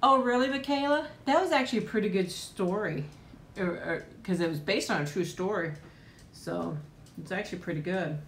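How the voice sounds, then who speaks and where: A woman's voice: lowish voice, lively intonation, normal speed, a little hiss or hum. A middle-aged woman hosting a casual live stream, chatting loosely and reading viewer comments aloud, her voice leaping up whenever she greets someone. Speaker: host of a live eating stream. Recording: roomy echo.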